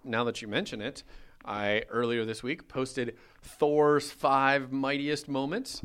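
A man's voice: medium pitch, little pitch movement, takes it slowly, a bit bright, smooth. A man co-hosting a casual podcast, joking and teasing while he runs through news. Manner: jokey, teasing, rambling. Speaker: podcast co-host. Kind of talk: casual chat.

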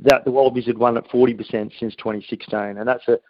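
Aussie rugby journo phoning in, steady and thoughtful, muffled lo-fi line. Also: male voice, mid-range voice, dry recording. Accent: Australian. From Australia. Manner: measured, analytical. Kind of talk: phoned-in interview. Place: remote, abroad, at night. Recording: dull lo-fi remote line.

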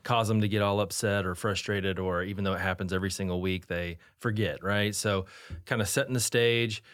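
A man who is a guest on a podcast, explaining in a relaxed, casual way with frequent fillers. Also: low-pitched, a little fast, no echo, clean studio sound. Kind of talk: casual chat.

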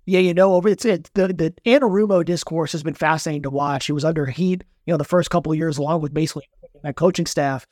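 Male sports reporter, quick and high-pitched, animated storyteller, dry close mic. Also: no echo. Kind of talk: casual podcast chat.

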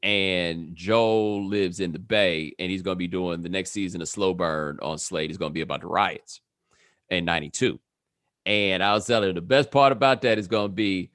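A man's voice: on the low side, a bit bright, no echo, studio quality. A man talking casually as a podcast guest, telling stories and laughing often. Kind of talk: casual chat.

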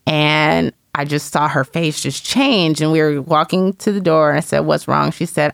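A woman's voice: low voice, very animated, normal speed, creaky, hardly any pauses, no echo, clean studio sound. A woman in casual conversation, candidly and reflectively telling a personal story as a mother, with lots of "you know".

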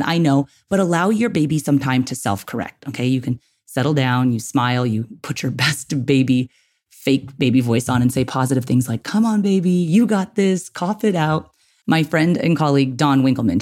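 A man's voice: mid-range voice, darkish tone, breathy edge. A man hosting an instructional podcast, talking directly to listeners in a coaching way and often checking in with "okay" and "right". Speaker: podcast host.

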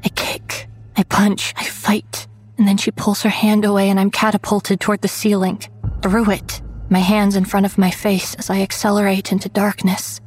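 A woman narrating a first-person horror story in a hushed voice that often drops to a whisper. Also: medium pitch, rough recording.

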